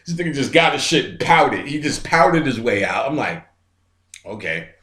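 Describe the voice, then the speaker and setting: A man's voice: mid-range voice, expressive, moderate pace, fairly bright tone. Streetwise New man, roomy echo. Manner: streetwise, profane, imitates sounds and other voices. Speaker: metaphysical lecturer. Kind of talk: casual storytelling lecture.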